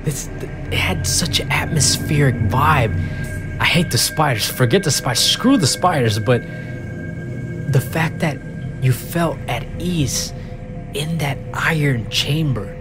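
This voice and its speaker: A man's voice: fairly high pitch, measured pace. A man hosting a let's play of a horror game, jumpy and swearing, with frequent yelps, nervous laughs and whispered asides. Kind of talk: reactive horror game commentary. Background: game music.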